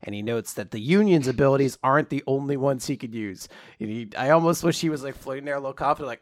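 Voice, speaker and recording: A man in casual chat, animated and laughing often as he swears and acts out character lines. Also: mid-range voice, quick pace, no echo, clean studio sound. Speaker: podcast co-host. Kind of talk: casual chat recapping a comic.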